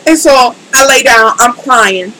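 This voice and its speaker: A woman's voice: a little high, expressive, unhurried, bright, forceful tone, slight background noise, low-quality recording. A woman tarot reader in a casual live stream, speaking emphatically and colloquially and talking straight to her chat.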